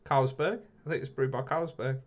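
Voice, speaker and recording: A man's voice: mid-range voice, fairly even intonation, moderate pace. A man in his late twenties with an English accent, hosting a casual live watch-along and chatting with viewers, laid-back and laughing often. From England. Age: 20s.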